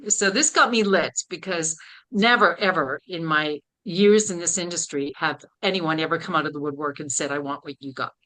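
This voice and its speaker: Older canadian lady, bright voice, chatty storytelling on a podcast, acts out her own thoughts. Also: deep voice, normal speed, rough recording. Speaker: guest. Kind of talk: personal story in a podcast chat.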